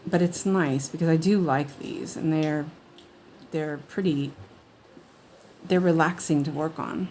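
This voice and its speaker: A woman's voice: deep voice, steady tone, measured pace, darkish tone, a little hiss or hum. A woman hosting a cross-stitch livestream, chatting casually and rambling with many fillers and restarts. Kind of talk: casual chat while stitching.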